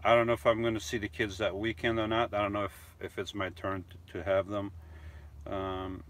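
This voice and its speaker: A man's voice: lowish voice, flat delivery, normal speed, fairly bright tone. A middle-aged man chatting casually on a live stream, reading out viewer comments and rambling with fillers and little self-mocking chuckles. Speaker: vlogger hosting a live stream.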